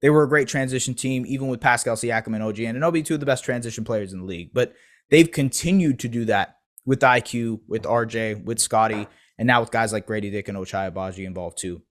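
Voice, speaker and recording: A man's voice: mid-range voice, quick pace. A man recapping a basketball game alone, talking in a loose, analytical, casual way. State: eating pizza while talking. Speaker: basketball podcast host. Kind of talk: solo game recap commentary.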